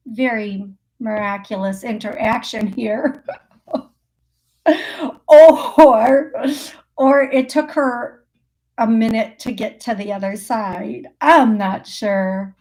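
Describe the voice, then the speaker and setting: Chatty psychic woman, slow and giggly. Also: fairly high pitch, darkish tone. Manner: chatty, laughs often, thinks aloud with fillers. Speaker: psychic medium host. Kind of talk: live call-in show.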